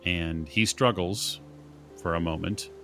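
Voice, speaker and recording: A man running a tabletop horror game as game master, narrating events calmly and calling for dice rolls. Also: sits low, slow pace, vocal fry, faint music behind.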